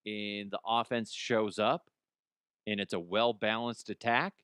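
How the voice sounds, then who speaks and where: A man's voice: lowish voice, steady tone, unhurried, fairly bright tone, smooth, no room sound, clean studio sound. Blunt, opinionated male sports podcaster. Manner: blunt, opinionated, swears freely; restarts and repeats words. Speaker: podcast host. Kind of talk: solo sports podcast rant.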